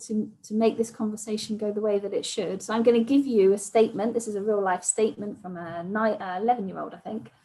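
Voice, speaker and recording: The recording is rough as a woman with a medium pitch runs an online training session. Patient in her explanations, she keeps tempering her points with "sort of" and "kind of."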